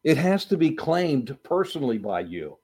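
A man preaching a sermon, slow and deliberate, building to emphatic repetitions. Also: a little high, sing-song, a little mellow, husky. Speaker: pastor.

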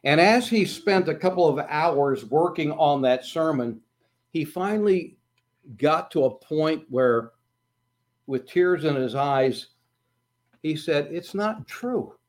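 A man's voice: a little high, slow. A man preaching a sermon in an earnest, emphatic way, rising at times to bursts of intensity.

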